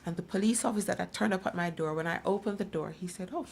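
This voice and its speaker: Low gravelly middle-aged woman. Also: fast talker, a little mellow, a little hiss or hum. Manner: emphatic storytelling, acts out others' voices. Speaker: guest speaker. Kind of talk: personal testimony in a talk program.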